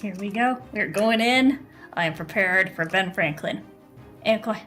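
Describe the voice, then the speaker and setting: A woman's voice: mid-range voice, moderate pace, a bit bright, soft background music. A woman game streamer chatting casually with her viewers and teammate while she plays, bubbly and full of fillers and frequent laughter. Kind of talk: casual live-stream chat while gaming.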